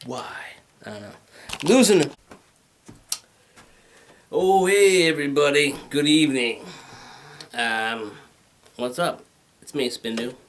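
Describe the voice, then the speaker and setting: A man doing stand-up comedy, rambling and profane, slipping into mock-angry rants and quick put-on voices. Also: mid-range voice, expressive, a bit bright, slight background noise.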